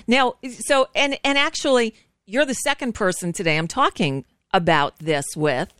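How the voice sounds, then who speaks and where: A woman's voice: medium pitch, normal speed, fairly bright tone, clear, resonant tone, no room sound, studio quality. A woman guest hosting a radio talk show, chatting frankly and casually, often restarting her sentences.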